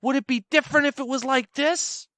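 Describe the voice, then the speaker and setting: A pushy, menacing man asking for money, as a storyteller puts him on. The voice rises above the teller's own and stays bright and clear. It is recorded close and dry. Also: very high-pitched, steady tone, fairly quick, no echo, pitched above the performer's own voice. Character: aggressive grown man panhandler.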